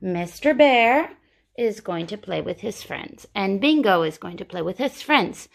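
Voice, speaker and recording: A woman teaching a phonics lesson to young children, repeating each word slowly and asking lively questions. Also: mid-range voice, gravelly.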